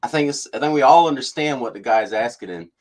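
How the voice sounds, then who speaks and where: A man's voice: medium pitch, lively intonation, fast talker. A man hosting casual political commentary, ranting and mimicking officials. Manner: ranting, mocks officials in put-on voices. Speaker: commentary channel host.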